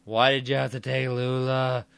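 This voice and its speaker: A man's voice: medium pitch, level tone, normal speed, gravelly, smooth, no echo, pitched above the performer's own voice. A man doing a raging drunk man. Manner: shouting accusations. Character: drunken middle-aged man, bitter and raging.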